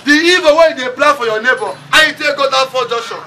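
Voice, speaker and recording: A man's voice: very high-pitched, fast talker, pushed and bright. A man with a Nigerian accent preaching a funeral sermon, mixing English and Pidgin, calling on the congregation to respond. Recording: distant mic with crowd and noise.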